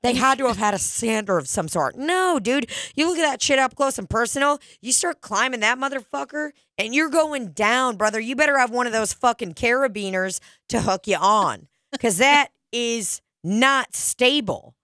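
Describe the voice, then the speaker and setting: A woman's voice: a little high, expressive, moderate pace, pushed and bright, no echo, studio quality. Profane rambling woman podcaster. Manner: profane, rambling storytelling with impressions. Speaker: podcast co-host. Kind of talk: casual podcast chat.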